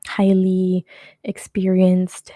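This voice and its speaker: A woman's voice: on the low side, completely flat delivery, drawn-out words, warm tone, dry recording. A young adult woman hosting her own show, chatting casually and rambling with lots of fillers and restarts. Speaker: podcast host. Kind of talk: casual solo chat.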